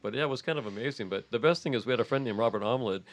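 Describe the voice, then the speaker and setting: A man's voice: mid-range voice, racing. An older man telling wild stories on a podcast, laughing often and cursing freely as he goes. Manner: laughing often, animated, profane. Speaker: podcast guest, punk musician. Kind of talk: casual storytelling. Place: podcast studio.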